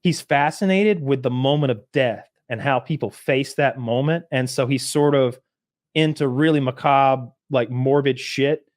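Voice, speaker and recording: Man, podcast co-host, casual animated chat, swears a lot, dry close sound. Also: medium pitch, no echo. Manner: animated, profane, acts out scenes in quick voices.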